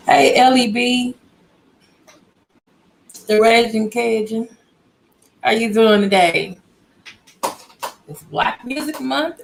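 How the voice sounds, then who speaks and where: A woman hosting a casual livestream from home, talking at an unhurried pace. She chats warmly with her viewers and greets each one by name as they come in. Her voice sits a little high, and she speaks through a computer mic. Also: creaky, slight background noise, rough recording. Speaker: livestream host.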